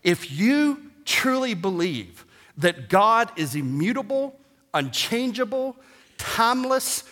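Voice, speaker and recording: A man preaching a sermon as pastor, animated and joking, swinging from hushed asides to shouts. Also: high voice, slow. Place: church sanctuary. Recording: long hall reverb.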